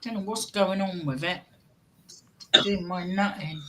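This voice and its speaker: A woman hosting a late-night livestream with her friends, bright and clear in tone, laughing and teasing as she goes. She speaks slowly, letting each remark land. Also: fairly low pitch. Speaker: livestream host. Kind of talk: casual group chat on a livestream.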